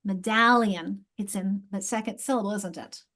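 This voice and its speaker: A woman instructor teaching other teachers, thinking aloud and sounding out words slowly, repeating each one. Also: medium pitch. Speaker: literacy instructor.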